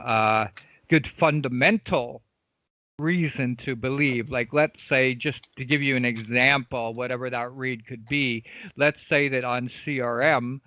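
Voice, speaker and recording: A man's voice: medium pitch, bright, forceful tone, no echo, dull audio. A man teaching a live online trading class, emphatic and repetitive, often checking in with his students. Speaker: trading coach.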